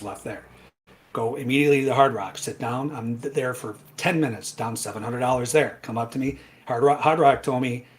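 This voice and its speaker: A man casually telling a long personal story, animated, with frequent asides like "right?" and "I'm like". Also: mid-range voice. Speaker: trading educator guest.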